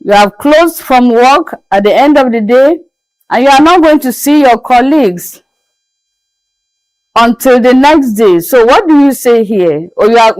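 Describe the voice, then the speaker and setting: A woman's voice: on the high side, a little mellow, no room sound, low-quality recording. A woman teaching basic French phrases in a patient, repetitive classroom manner. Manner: patient, repeats each word slowly. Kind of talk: slow classroom-style lesson.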